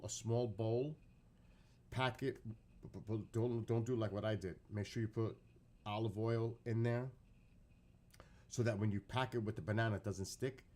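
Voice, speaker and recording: A man chatting casually and excitedly as he explains a recipe step by step, often repeating that he is getting hungry. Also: mid-range voice. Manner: rambling, self-correcting step-by-step explanation. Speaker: streamer reacting to his own cooking clip.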